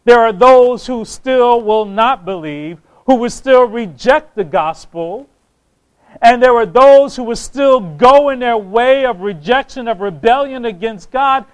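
A man's voice: very high-pitched, animated, unhurried, clean tone, rough recording. A man preaching a sermon, impassioned, reading scripture aloud and repeating phrases for emphasis.

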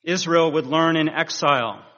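A man preaching a sermon in a measured, earnest way, rising with emphasis at key points. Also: a little high, a bit bright. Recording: dull sound in a reverberant hall.

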